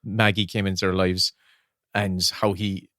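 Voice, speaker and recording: A man's voice: sits low, level tone, unhurried, pushed and bright, no echo, studio quality. An Irish man co-hosting a podcast, talking in a rambling, casual way and laughing often. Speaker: podcast co-host. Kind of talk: casual chat.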